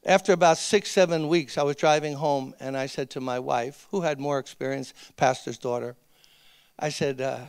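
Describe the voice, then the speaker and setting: A man's voice: medium pitch, steady tone, normal speed, smooth, dry recording. A man preaching a sermon to fellow ministers in a church, speaking earnestly and conversationally, with emphatic repeated appeals. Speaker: pastor.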